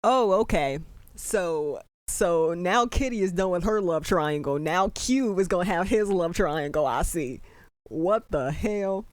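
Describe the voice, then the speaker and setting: A young adult giving casual, excitable reaction commentary on a show, getting emotional and swearing freely. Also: medium pitch, unhurried, no room sound.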